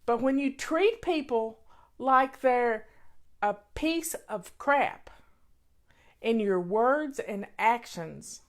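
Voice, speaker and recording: Slow, earnest woman chatting over tea. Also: on the high side, animated. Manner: earnest, repeats points for emphasis. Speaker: vlogger. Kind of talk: casual talk to camera.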